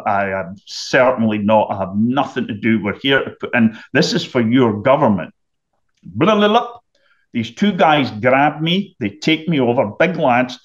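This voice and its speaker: A middle-aged man from the United Kingdom, a podcast guest telling a vivid story and often clearing his throat. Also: medium pitch, highs cut off. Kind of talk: storytelling anecdote.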